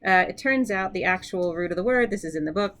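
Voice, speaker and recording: A woman's voice: lowish voice, fast talker. A woman teaching a recorded language lesson. She drills word forms and explains as she goes, upbeat and encouraging, with fillers as she thinks aloud. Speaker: Greek teacher.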